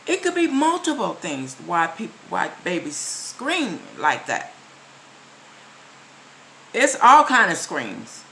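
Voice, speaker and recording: A woman vlogger with a lowish voice that has a forceful, bright edge. She talks straight to her viewers, emphatic and repetitive as she lectures them. A faint hiss sits under her voice. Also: huge pitch swings, takes it slowly, creaky, long pauses, rough recording. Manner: emphatic, repeats key phrases, lectures the viewer directly. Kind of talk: casual direct-to-camera commentary.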